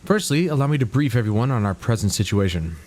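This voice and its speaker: A man's voice: medium pitch, animated, fast, a little mellow, lightly acted. Man reading a formal young scholar. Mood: earnest. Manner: formal read-aloud with occasional stumbles.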